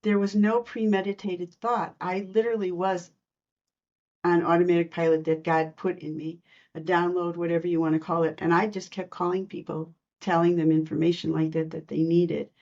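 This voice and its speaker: A woman guest telling personal stories in a podcast interview, lively and laughing between lines. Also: on the low side, normal speed, dull audio. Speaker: guest, intuitive reader.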